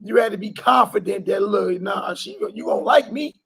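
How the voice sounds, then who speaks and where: Man preacher, very high voice, gravelly and husky, loud emphatic bursts, informal sermon. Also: animated, moderate pace. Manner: loud emphatic bursts, colloquial, laughs often. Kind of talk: informal sermon to a live group.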